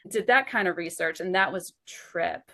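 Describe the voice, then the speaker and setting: A woman guest author telling stories in a lively, chatty way during a casual interview. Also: fairly low pitch, moderate pace.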